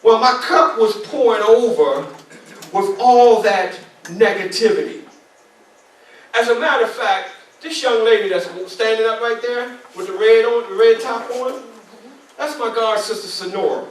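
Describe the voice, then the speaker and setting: A man's voice: very high voice, unhurried. A man in his sixties giving a motivational speech, preacher-like and repetitive, talking straight to the audience. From New York. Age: 60s. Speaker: motivational speaker. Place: club meeting hall. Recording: echoey hall, mic at a distance.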